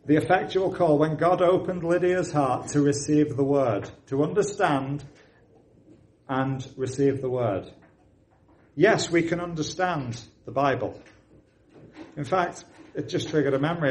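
A man preaching a sermon, telling a story and rising to loud, excited emphasis. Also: fairly high pitch, poor audio.

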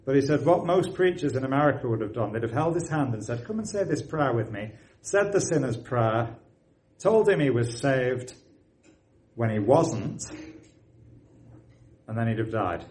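A man preaching a sermon, telling a story and rising to loud, excited emphasis. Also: mid-range voice, normal speed, rough recording.

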